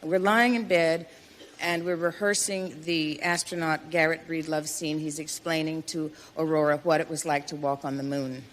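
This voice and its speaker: Woman with a low voice, telling a fond story at a tribute dinner, slight broadcast hiss. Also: fairly even intonation, normal speed. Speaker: actress giving a tribute. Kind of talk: anecdote told from a stage.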